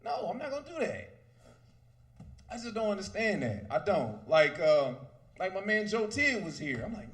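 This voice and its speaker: A man in his thirties doing stand-up, with a high, lively voice that keeps swinging up and down. His delivery is loud, animated and profane. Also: normal speed. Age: 30s. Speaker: stand-up comedian. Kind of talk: stand-up comedy set.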